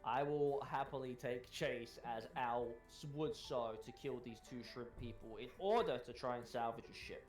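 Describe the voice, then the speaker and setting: A man's voice: medium pitch, moderate pace, hardly any pauses, roomy sound, faint music behind. A man playing a tabletop game, describing what his character does. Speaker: player. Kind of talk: casual tabletop play.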